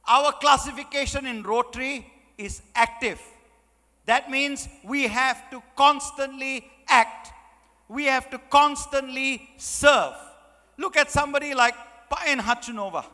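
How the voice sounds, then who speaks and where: Man giving a fired up speech, bright sharp voice, lots of rhetorical questions, big hall reverb. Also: extremely high pitch. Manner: emphatic, rhetorical questions, repetition. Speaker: guest speaker. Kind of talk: motivational speech.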